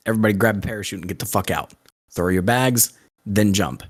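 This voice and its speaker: Man doing a hurried captain, blunt orders, low voice. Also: slightly rough. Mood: urgent. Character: rushed airline captain on the intercom.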